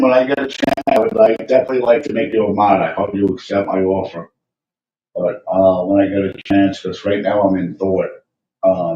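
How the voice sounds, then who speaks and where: A man's voice: on the low side, darkish tone, a little hiss or hum. A man hosting a casual livestream, venting in a rambling rant full of profanity and fillers. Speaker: livestream host. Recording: roomy, distant, muffled lo-fi sound.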